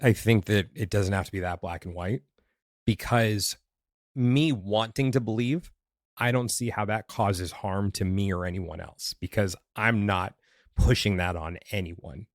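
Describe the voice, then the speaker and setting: A podcast host who works as a past life regressionist talks candidly in casual conversation, thinking aloud with restarts and playful asides. His voice is fairly low and measured, recorded at studio quality with no room sound.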